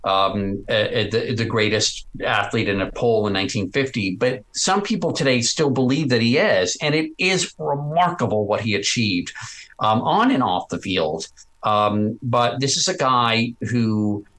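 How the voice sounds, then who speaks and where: A man being interviewed about his podcast, talking in a chatty, animated way with frequent restarts. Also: mid-range voice, measured pace, rough recording. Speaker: podcast host as guest. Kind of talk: casual interview chat.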